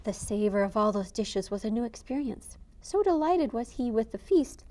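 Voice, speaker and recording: A woman reading a picture book aloud to listeners with an expressive, animated delivery. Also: fairly high pitch, normal speed. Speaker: storyteller.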